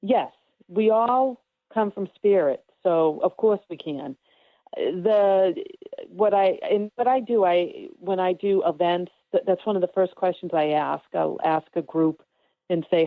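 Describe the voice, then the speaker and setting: Calm woman medium on a phone line. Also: fairly low pitch, no echo. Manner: calm, reassuring, explains slowly with fillers. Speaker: spiritual medium guest. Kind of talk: casual radio interview.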